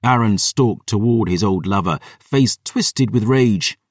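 A man narrating a first-person fantasy audiobook with dramatic intensity. His voice sits on the low side. The recording is dry, with the mic a little distant. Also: a little slow, dry recording.

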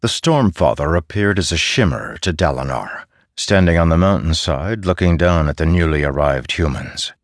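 A man narrating an audiobook in a steady, grave storytelling manner. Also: very deep voice, moderate pace, dry recording, studio quality. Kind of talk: scripted narration.

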